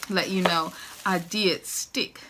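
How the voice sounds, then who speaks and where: A woman's voice: lowish voice, fairly even intonation, slow, sharp tone, a little hiss or hum. A middle-aged woman, chatting to camera in a home decor vlog, gushing and laughing often. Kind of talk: casual chat to camera.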